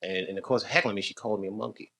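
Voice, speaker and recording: A man's voice: on the low side, rapid-fire, vocal fry, background noise. An American man doing stand-up with crowd work in a club, loose and rambling, chuckling at his own jokes. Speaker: stand-up comedian. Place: dark comedy club, indoors.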